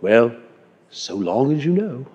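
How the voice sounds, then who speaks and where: A man voicing a frail, nearly blind old nobleman in a high, quavering, hesitant voice, with a long reverb from a large hall. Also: big pitch swings, takes it slowly, a little mellow, breathy edge, dull audio, full character voice. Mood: grave.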